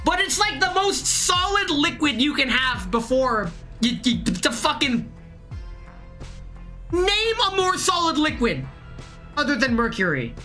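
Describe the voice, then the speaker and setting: A tipsy woman streaming a game, reading its text aloud and rambling off on tangents in an excitable, profane way. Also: sits high, measured pace, soft background music. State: tipsy from drinking.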